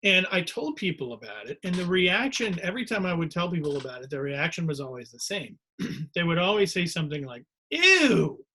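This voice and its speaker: A man's voice: on the high side, expressive, brisk, bright, forceful tone, husky. A man hosting a rambling, digressive comedic monologue. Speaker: host.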